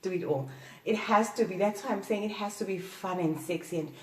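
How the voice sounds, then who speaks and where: A woman hosting a playful sex-advice talk, often giggling and letting out drawn-out "ooh"s. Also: medium pitch, recorded from a distance. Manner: giggly, playful, breathy exclamations. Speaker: host. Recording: echoey room, off-mic.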